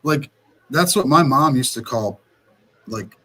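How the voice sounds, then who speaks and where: A man chatting on a live stream, lively and rambling. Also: medium pitch, measured pace. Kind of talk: casual chat.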